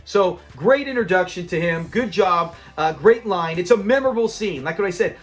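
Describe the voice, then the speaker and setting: A man reviewing a TV episode in a casual, animated retelling, laughing often and acting out the characters' lines. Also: high voice, moderate pace, soft background music.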